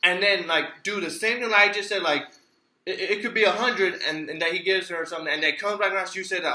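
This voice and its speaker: A man's voice: high voice, fast talker, pushed and bright. A young man casually telling a frustrated, profane story as a vlogger, often repeating himself and restarting sentences. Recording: echoey room with music behind.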